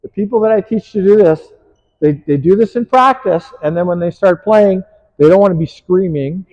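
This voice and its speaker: A man's voice: sits high, normal speed, a little mellow, muffled recording. A man coaching players on the court, upbeat and encouraging as he calls out praise and instructions. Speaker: pickleball coach.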